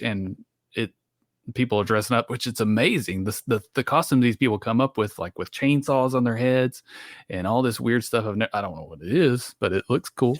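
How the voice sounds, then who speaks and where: A man co-hosting a podcast, chatting casually and laughing a lot while he hunts for words. His voice is on the low side. The recording is dry and close. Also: dry recording. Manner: laughs often, hesitant with many restarts. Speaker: podcast co-host. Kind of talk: casual chat.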